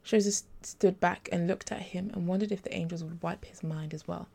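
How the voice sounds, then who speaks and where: A woman reading a romance story aloud at a measured storytelling pace. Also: fairly low pitch, steady tone, vocal fry, mellow.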